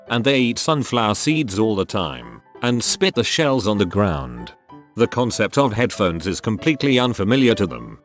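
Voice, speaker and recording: A man narrating a list of online posts in a brisk, matter-of-fact read with dry, sardonic asides. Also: lowish voice. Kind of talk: scripted narration.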